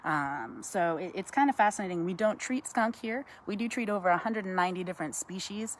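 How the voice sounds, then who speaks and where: A woman, giving a chatty live-stream talk outdoors, greeting viewers by name and cooing softly to an owl. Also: mid-range voice, fairly quick, a little hiss or hum. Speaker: wildlife educator.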